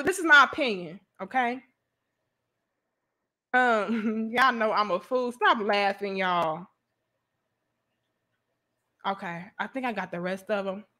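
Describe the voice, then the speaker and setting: A woman host with a St. Louis accent giving loose livestream commentary, profane and animated, laughing often and answering viewer comments. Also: medium pitch. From St. Louis, USA.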